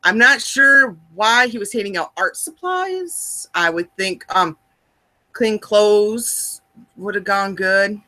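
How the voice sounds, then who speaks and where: A woman with a Midwestern American accent co-hosting a casual chat, animated and laughing often. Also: mid-range voice, slow. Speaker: co-host.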